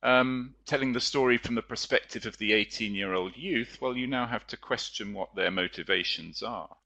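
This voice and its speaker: A man's voice: mid-range voice, moderate pace, gravelly, pushed and bright. A man, a teacher and writer, giving a chatty, explanatory webinar lecture with frequent fillers.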